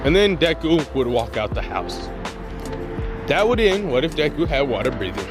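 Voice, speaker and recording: A man's voice: fairly high pitch, sing-song, normal speed, music in the background. A man casually improvising a fan-fiction story in slangy, rambling talk full of asides.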